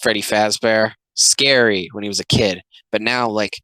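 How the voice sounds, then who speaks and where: Young male commentator, sarcastic and rambling; bright, forceful tone, dry close sound. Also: on the low side, steady tone, moderate pace, no echo, rough recording. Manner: rambling, sarcastic, many filler likes. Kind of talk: casual reaction commentary.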